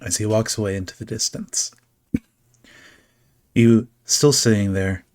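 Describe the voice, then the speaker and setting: Low-voiced man narrating a tabletop game. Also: dry recording, studio quality. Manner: descriptive storytelling with casual fillers. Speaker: game master.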